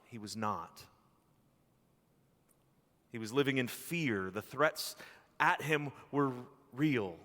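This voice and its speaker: A man preaching a sermon as pastor, earnest, with long pauses and some restarts. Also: mid-range voice, a bit bright, long reverb tail. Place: church sanctuary.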